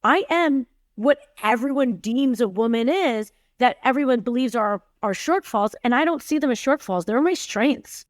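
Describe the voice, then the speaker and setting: On a podcast, a forty-something tech CEO tells candid stories emphatically, voicing the quoted lines herself. Her pitch is fairly high with lively intonation, and she talks at normal speed with hardly any pauses. The recording is dry and cleanly studio-produced.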